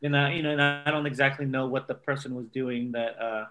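A man's voice: medium pitch, fairly even intonation, a little fast, bright, forceful tone. A man co-hosting a casual podcast chat, easygoing and hedging his points with fillers. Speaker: podcast co-host.

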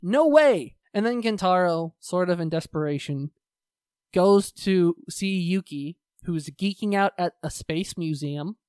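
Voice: mid-range voice, unhurried, darkish tone, smooth, no echo, clean studio sound. A co-host in casual chat, recapping a show in a rambling, profane way and slipping into voices for the characters. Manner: profane, rambling, acts out quotes in put-on voices.

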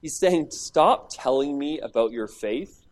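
This preacher's voice is medium-pitched and animated, moving a little slowly as he teaches from a scripture passage. Emphatic throughout, he performs quoted lines and tends to repeat words at the start of his thoughts.

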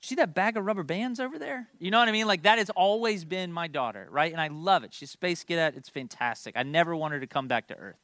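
A man's voice: on the high side, expressive, fast, few pauses, fairly bright tone, no echo, studio quality. A man in his thirties preaching a sermon, telling a family story with playful asides to the congregation. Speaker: pastor.

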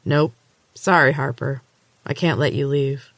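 A woman reading a story aloud, voicing a calm young male martial artist who speaks quietly and evenly. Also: extremely low pitch, unhurried, no echo, full character voice. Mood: firm. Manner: quiet and even.

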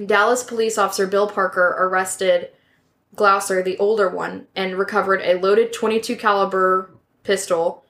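Brief woman host, mid-pitched, relaxed true-crime storyteller working from notes. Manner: reads from notes with casual asides and self-corrections. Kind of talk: casual narration of a case.

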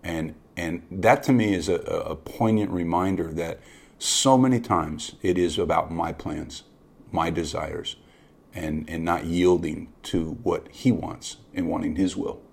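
A man's voice: sits low, unhurried, creaky, a little mellow, slightly rough. A man co-hosting a podcast, talking in an earnest, reflective way and often restarting his phrases. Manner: earnest, with frequent restarts and repeated words. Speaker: podcast co-host. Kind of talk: reflective conversational podcast talk.

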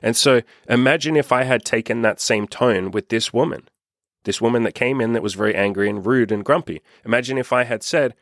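A man's voice: mid-range voice, fairly quick, dry recording, clean studio sound. A young Australian man coaching in a blunt, profane, casual monologue. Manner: blunt, profane, repetitive emphasis. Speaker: self-help coach.

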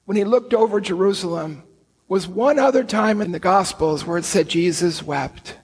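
A man preaching a sermon, telling the story with slow, deliberate emphasis in an earnest manner. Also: sits high, slightly rough, in a large hall, low-quality recording. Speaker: priest.

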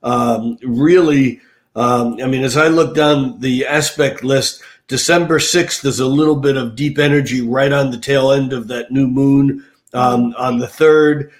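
A man's voice: mid-range voice, fairly even intonation, unhurried. An older man, an astrologer on a podcast, talking casually with many fillers and restarts. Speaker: astrologer guest.

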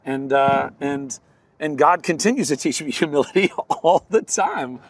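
An actor talks earnestly and reflectively in an interview, often breaking into laughs. His fairly high male voice sounds a little distant from the microphone. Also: lively intonation, unhurried, no echo.

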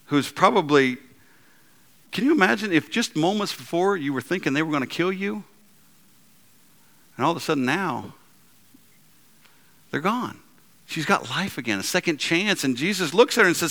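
A man preaching a sermon as pastor, animated, with frequent repeats and restarts, swinging between loud emphatic lines and low, soft ones. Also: moderate pace, pauses often.

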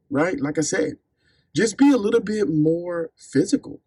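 A man's voice: high voice, lively intonation, normal speed, warm tone, slightly rough, no room sound. A man hosting his own podcast as a fitness coach, chatting casually and upbeat with listeners, calling them y'all.

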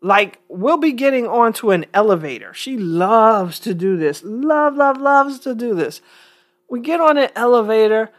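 A New York woman chats casually to her viewers in a talk-to-camera vlog. Her voice is slightly high, lively and unhurried, and she's blunt and emphatic, chuckling often.

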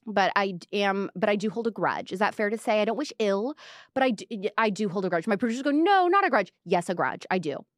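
A woman's voice: mid-range voice, fast, dry recording, clean studio sound. A woman hosting a live pop culture commentary show, chatty and sarcastic, with lots of fillers and restarts. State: out of breath. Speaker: host.

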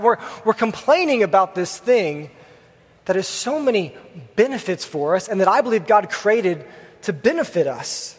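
A man's voice: high voice, big pitch swings, normal speed, husky. A young man preaching a sermon in a church, telling a story casually with many fillers. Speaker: pastor. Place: church hall with congregation. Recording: long hall reverb.

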